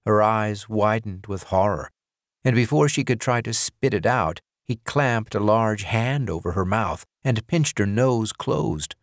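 A man reading a horror audiobook aloud in slow, deliberate, scripted narration. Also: on the low side, no room sound, studio quality.

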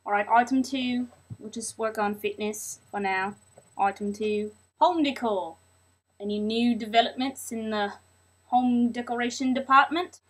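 An officious male band manager runs a meeting item by item in a put-on New Zealand accent, as a woman plays him in a comedy sketch. The voice sits a touch higher and louder, clipped and businesslike. There is a husky edge to the tone. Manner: brisk, runs a meeting by agenda items.

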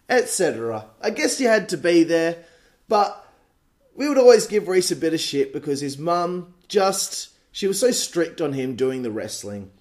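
An Australian man in his late twenties hosts a podcast and tells crude, animated stories. He swears freely, and his voice sits a touch higher than most men's. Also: measured pace. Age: late 20s. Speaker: podcast host. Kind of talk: casual storytelling monologue.

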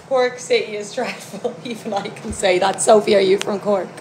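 A woman's voice: medium pitch, steady tone, moderate pace. A young Irish woman with a Louth accent chats casually with her viewers, reading their comments and giving blunt opinions, often laughing. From Ireland, County Louth. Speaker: streamer chatting with viewers. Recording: roomy echo with faint background hum.

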